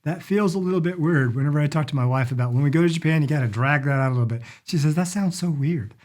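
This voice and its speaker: A middle-aged language and culture teacher with a fairly high, darkish voice talks quickly. In a casual instructional session he explains travel phrases, stretching the vowels to demonstrate them.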